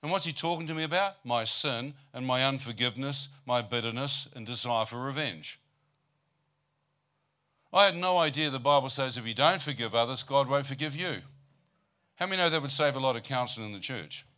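A man preaching a storytelling sermon, his voice bright and forceful. He keeps throwing rhetorical questions at the congregation and slips dry jokes into his testimony. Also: mid-range voice, expressive, fairly quick. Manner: humorous, asks the crowd rhetorical "how many know" questions.

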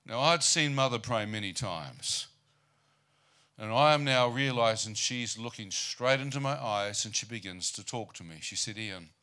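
A man's voice: mid-range voice, animated, moderate pace, bright, forceful tone. A man preaching a storytelling sermon about his own life, mixing humor with rhetorical questions to the congregation. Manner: humorous, asks the crowd rhetorical "how many know" questions. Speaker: preacher giving his testimony.

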